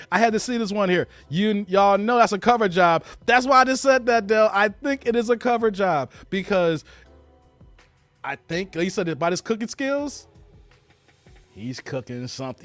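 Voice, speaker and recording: A man's voice: sits high, dry recording. A man hosting a live reaction show, reading out chat comments and laughing often. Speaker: show host reacting to a clip.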